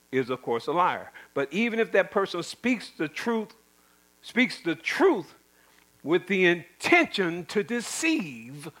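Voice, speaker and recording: A man's voice: on the high side, a bit bright, low-quality recording. A middle-aged man preaching a sermon in an emphatic, repetitive way, with folksy asides.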